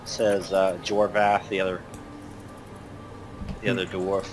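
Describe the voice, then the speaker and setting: A man runs a tabletop game, narrating slowly with a lower voice. He hedges and circles back with lots of fillers as he describes scenes. A faint ambient hum sits behind him. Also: little pitch movement. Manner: hesitant, filler-heavy, lots of "kinda". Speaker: game master.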